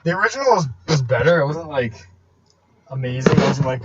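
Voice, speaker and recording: A man's voice: medium pitch, expressive, quick pace. A young man co-hosting a casual podcast, joking and chatty, full of "like". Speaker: podcast co-host. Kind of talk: casual chat. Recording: lo-fi audio with crowd noise behind.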